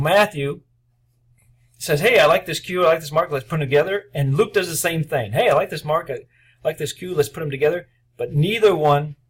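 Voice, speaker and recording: A man's voice: mid-range voice, slightly rough. A man giving a conversational seminary lecture in a classroom, animating quotes and using frequent fillers. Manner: conversational, acts out quoted voices, many fillers.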